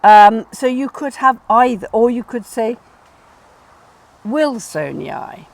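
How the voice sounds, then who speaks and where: A woman hosting a casual chat about plant names, instructive and quick to laugh, repeating words to stress them. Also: fairly high pitch, fairly even intonation, darkish tone, dry recording. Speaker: garden designer and host.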